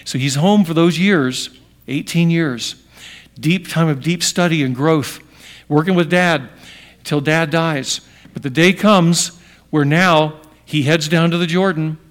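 A middle-aged man delivers a sermon in a slightly high voice. He pushes key lines out loudly, then drops to a quiet hush. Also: unhurried. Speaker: pastor.

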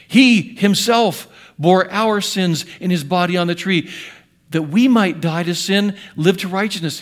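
A pastor in his sixties preaches a sermon in an earnest, slightly high voice. He swings between loud emphasis and hushed asides.

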